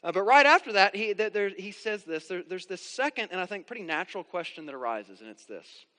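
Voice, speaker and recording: A man's voice: sits high, big pitch swings, fairly quick, pushed and bright. A man delivering an earnest, emphatic sermon as a pastor, often restarting his phrases. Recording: reverberant hall.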